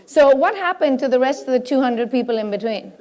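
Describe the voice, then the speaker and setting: A woman giving a lively, self-mocking talk from a stage to a live audience at a spiritual conference. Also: high voice. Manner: animated, self-mocking, breaks into quick voices for examples. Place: stage before a large audience.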